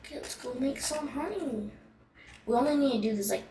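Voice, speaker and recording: A woman's voice: high-pitched, a little fast. A woman giving casual gameplay commentary as a channel host, thinking aloud in a hesitant, rambling way. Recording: echoey room, distant mic, faint noise.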